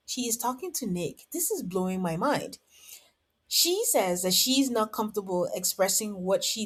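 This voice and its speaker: A woman hosting a podcast, recapping a reality show in casual chat with sarcastic, exasperated asides, acting out what the cast says. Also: on the low side. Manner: exasperated, sarcastic, acts out the cast members' lines.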